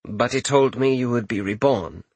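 A man voicing a formal, loyal male chamberlain who speaks in a low, measured, deferential way. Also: a little mellow, slightly rough, no room sound, lightly acted. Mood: grave.

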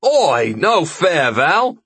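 A man's voice: medium pitch, big pitch swings, brisk, fairly bright tone, slightly rough, dry recording, pitched above the performer's own voice. A man voicing a rowdy bathhouse companion who scolds in slangy talk, in an audiobook. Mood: chiding. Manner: slangy, chiding.

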